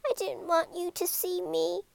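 A woman voicing the smallest monster in the world, a timid little female creature with a squeaky voice. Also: fairly even intonation, measured pace, gravelly, a little mellow, dry recording, heavily acted. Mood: sad, squeaky. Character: tiny timid female monster, sad then clever.

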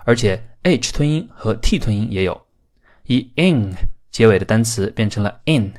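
A male podcast host who explains accents in a steady, instructive way. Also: medium pitch. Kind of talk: language lesson podcast.

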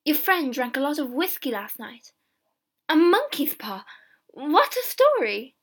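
A woman voicing an anxious, excitable old housewife, her lines pitched up and exclaimed. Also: unhurried, heavily acted. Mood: insistent. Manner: exclaiming, rising high.

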